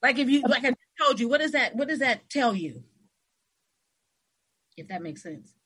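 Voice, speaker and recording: Husky-voiced woman telling animated stories. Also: on the high side, moderate pace. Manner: animated storyteller, acts out quoted voices. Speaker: host. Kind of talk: casual interview conversation.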